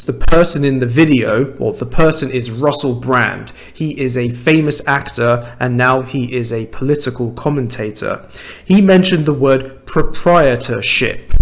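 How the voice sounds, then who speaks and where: Man, southern British accent, English teacher, slow clear explanations, mid pitch. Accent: standard southern British. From England. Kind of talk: language lesson to camera.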